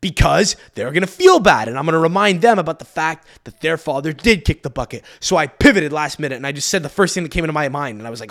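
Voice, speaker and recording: A young man hosting a podcast, telling a story as a profane, animated rant that swings between loud outbursts and muttered asides. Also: fairly high pitch, fast talker, few pauses. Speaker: podcast host. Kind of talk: ranting storytelling monologue.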